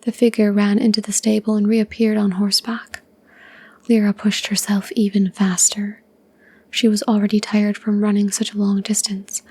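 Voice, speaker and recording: A woman reading a short story aloud in a soft, even ASMR whisper. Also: medium pitch, moderate pace, slightly rough.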